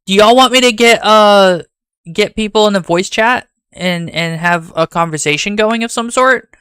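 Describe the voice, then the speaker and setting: A rambling streamer with a Southern US accent. He chats casually to his viewers in a fairly high, smooth voice that sounds dry and close. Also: normal speed, pushed and bright, dry recording. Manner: rambling and chatty, talks straight to chat.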